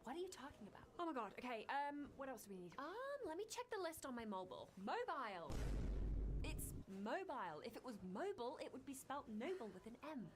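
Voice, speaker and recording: A woman's voice: sits high, sing-song, fast talker, hardly any pauses, background noise. A woman performing a comedy sketch with teasing, mock-exasperated back-and-forth banter.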